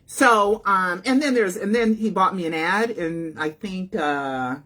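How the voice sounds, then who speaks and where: A woman's voice: fairly low pitch, measured pace, fairly bright tone. A woman telling a story to her viewers in a casual, chatty way, often checking in with "right?" and "okay?". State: feeling unwell.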